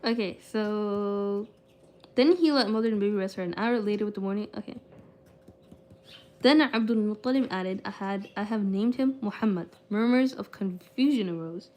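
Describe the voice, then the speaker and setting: A young woman, a streamer, reads a book aloud at a middling pitch. She trips over words and restarts often. Between passages she chats loosely with her viewers, filling her talk with "like". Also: normal speed, a little mellow. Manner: reads with frequent stumbles and restarts, then chats loosely with many "like"s. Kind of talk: casual book reading and live-stream chat.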